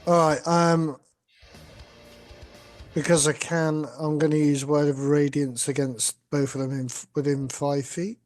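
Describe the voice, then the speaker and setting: A man's voice: on the high side, level tone, unhurried, a little mellow. Regular guy playing a tabletop game, laid back, bit of guitar music in the background. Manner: casual, self-deprecating about rolls. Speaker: player. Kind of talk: casual tabletop play. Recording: faint guitar music behind.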